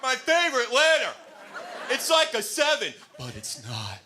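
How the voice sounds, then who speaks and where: Guy doing a dopey game show contestant, high and shouty, drags every word out. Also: a faint crowd, a little hiss or hum, full character voice. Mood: excited. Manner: shrill, drawn-out, excited. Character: giddy, slow-witted male game show contestant.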